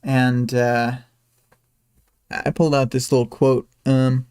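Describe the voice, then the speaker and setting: A man's voice: mid-range voice, flat delivery, takes it slowly, long pauses, a little mellow, clear, resonant tone. A man hosting a livestream, recapping a story chapter in a loose, casual way, with frequent ums and small asides. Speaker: livestream host.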